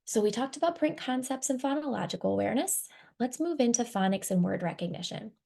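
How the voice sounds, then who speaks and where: Female webinar presenter, explanatory, slightly fried low-warmth tone. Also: expressive, fast talker, vocal fry. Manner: explanatory, walks through slides. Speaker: reading instruction director.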